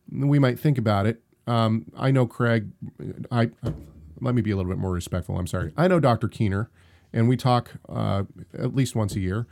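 A man's voice: medium pitch, lively intonation, normal speed, darkish tone. A young man co-hosting a casual live-streamed podcast, talking in emphatic, rambling runs with frequent restarts. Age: young adult. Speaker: podcast co-host.

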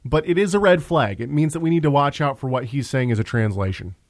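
A man with a mid-range voice hosts a casual religious discussion show, talking fast and conversationally with frequent restarts. There's no echo in the sound.

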